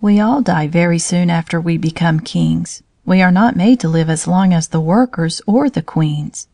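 A woman's voice: lowish voice, normal speed, vocal fry, dark tone, no room sound. A woman voicing an offhand drone bee. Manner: offhand, matter-of-fact. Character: carefree matter-of-fact male drone bee. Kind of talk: storybook read-aloud.

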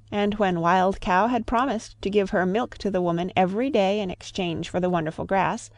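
Gravelly woman reading a story aloud. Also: medium pitch, dry recording. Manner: measured, rhythmic storybook narration.

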